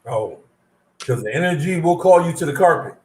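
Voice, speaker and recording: A man co-hosting a casual chat show, his high voice ringing off the walls of an echoey room. He tells stories in an animated way and stretches out words to hit his points. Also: normal speed, a loud crowd. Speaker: co-host.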